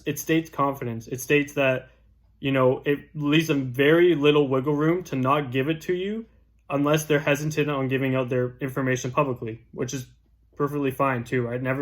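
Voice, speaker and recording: A man's voice: medium pitch, flat delivery, fairly quick. A young man casually teaching door-knocking scripts as a real estate agent, tagging his points with "right?". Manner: chatty, keeps asking "right?". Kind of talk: casual instructional talk.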